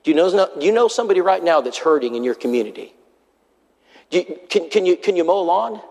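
A man's voice: sits high, expressive, quick pace, darkish tone. A man preaching a sermon, telling a story in an earnest way and acting out the other people's lines. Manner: earnest, acts out quoted voices. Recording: long hall reverb.

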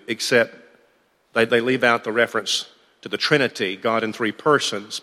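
A man's voice: medium pitch, bright, forceful tone, long reverb tail. A man teaching a church Bible class in a conversational, thinking-aloud way.

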